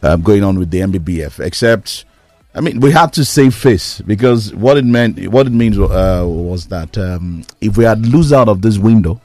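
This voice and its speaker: Brief: very deep, mellow panelist, dry studio, firm opinions. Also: male voice, lively intonation, no room sound, faint music behind. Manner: measured, assertive. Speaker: sports show panelist. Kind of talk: casual chat, analysis.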